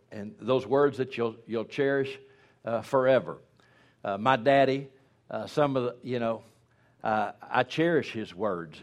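A man in his sixties preaching a humorous, folksy storytelling sermon, rambling and restarting as he jokes. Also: mid-range voice.

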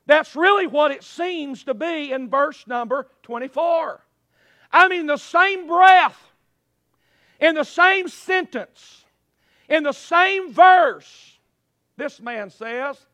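A man, a pastor, preaching a sermon at a church service. His delivery is dramatic, swinging from loud cries to hushed, low phrases. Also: animated, slow, no room sound.

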